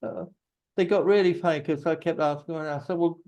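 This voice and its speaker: A man with an English accent, a teacher explaining English usage in a relaxed way and telling anecdotes. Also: fairly high pitch, fairly quick, muffled recording.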